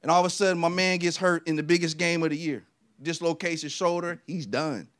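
Male preacher, middle-aged, american, high voice, storytelling sermon, loud bursts then low asides. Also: fairly even intonation, brisk. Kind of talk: energetic sermon.

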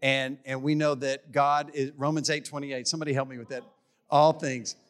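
A man's voice: medium pitch, flat delivery, fairly quick, a bit bright. A middle-aged man preaching a sermon in a church, emphatic and repetitive, often tripping over his words. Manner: emphatic, repeats key phrases, stumbles on words. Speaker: pastor.

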